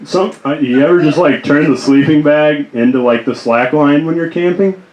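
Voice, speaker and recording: A man doing improvised stand-up in a small comedy club, halting and laughing at his own jokes. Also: on the high side, a little mellow, highs cut off. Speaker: stand-up comic. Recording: roomy club.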